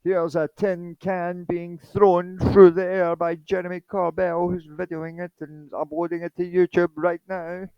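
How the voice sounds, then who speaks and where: A sarcastic, high-pitched newsreader, as a man puts him on in a parody. The voice is pushed up well above a normal speaking voice and mocks its own reporting. The sound is muffled and dry. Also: level tone, a little slow, few pauses, clean tone, no room sound. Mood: mocking.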